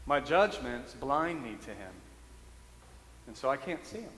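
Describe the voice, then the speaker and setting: In a church sanctuary, a male priest gives a sermon, telling a funny, self-mocking story about himself and chuckling often. His mid-range voice is a bit bright and very animated, at a measured pace. The hall is roomy and echoey.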